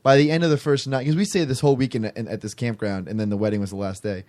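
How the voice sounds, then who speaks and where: A man's voice: medium pitch, steady tone, rapid-fire, a little mellow. A man casually telling a rambling, self-amused story on a podcast, restarting his phrases as he goes.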